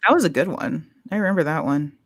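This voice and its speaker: Wry, low-voiced woman co-host. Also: animated, husky, no echo. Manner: quick, wry, frank, swears casually. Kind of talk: casual podcast chat.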